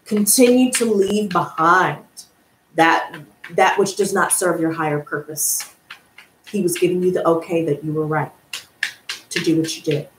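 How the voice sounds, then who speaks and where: A woman hosting a live tarot stream, reading out viewer comments and answering them in a gushing, excitable way that breaks into laughter. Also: lowish voice, unhurried. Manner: excitable, gushing, calls viewers girl and honey, bursts of laughter. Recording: echoey room with faint noise.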